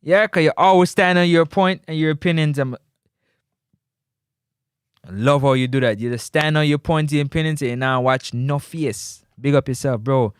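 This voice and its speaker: A Jamaican man hosts a casual football talk show, teasing and lively and sliding into patois. His voice sits a little high for a man. The sound is dry and close. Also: moderate pace, clean tone, no room sound. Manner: animated, teasing, slips into patois. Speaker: sports talk host.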